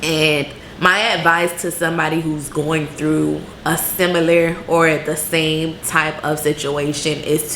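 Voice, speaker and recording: A woman's voice: deep voice, a bit bright, slight background noise. A laid-back woman in her late twenties, answering questions in a candid, reflective vlog. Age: late 20s. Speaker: vlogger. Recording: roomy echo with faint ambience.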